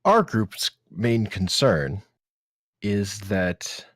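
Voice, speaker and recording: A man playing a tabletop game, speaking in a deliberate, measured way. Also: fairly low pitch, very animated, fairly bright tone, no room sound, clean studio sound. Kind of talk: in-character play.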